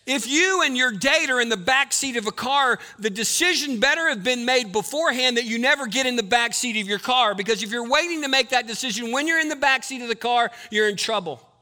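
A man preaching a sermon in church, building to loud passionate declarations and dropping low to explain. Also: fairly quick, hardly any pauses. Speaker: pastor. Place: church sanctuary.

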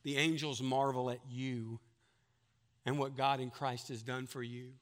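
A man's voice: flat delivery, a little slow. A man preaching a sermon, emphatic, telling a long joke and acting out its characters. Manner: plays characters in a told story with big pitch jumps; drops to a soft, hushed delivery.

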